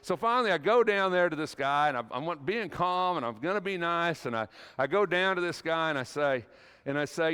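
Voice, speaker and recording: A man's voice: a little high, expressive, a little fast, sharp tone, clear, resonant tone, long reverb tail. A middle-aged man preaching a sermon in a church, folksy and conversational, telling a personal story with frequent restarts. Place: church sanctuary.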